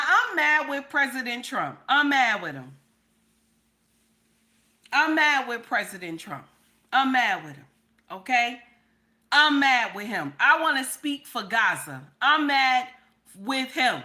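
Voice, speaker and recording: A woman's voice: high voice, bright, forceful tone. A woman hosting a livestream, talking in a sassy, repetitive, profane way while coughing from a cold. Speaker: commentary host. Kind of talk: livestream commentary.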